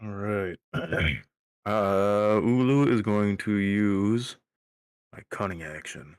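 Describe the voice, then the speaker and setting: A man with a very low voice plays his character in a tabletop game. He talks offhand and is a little unsure of the rules. The sound is dry. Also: takes it slowly, clear, resonant tone, dry recording. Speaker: player. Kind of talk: casual play talk.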